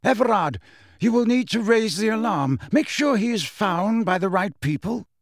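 A calm elderly wizard headmaster, as a man puts him on, speaking slowly and gravely in a slightly raised voice. The sound is dry and close, like a storybook reading. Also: high voice, dry recording, pitched above the performer's own voice. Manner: measured, quiet, grave.

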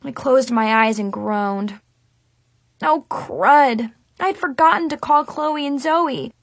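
A woman reading a first-person children's story with a dramatic, expressive teen-girl manner. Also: high voice, slow, no echo. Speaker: audiobook narrator.

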